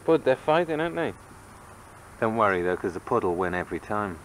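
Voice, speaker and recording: With a fairly low pitch and a slightly quick delivery, a man playfully coaxes and teases his toddler in a lively way during a home camcorder video at the family home. The camcorder mic makes for a rough recording with a little hiss or hum.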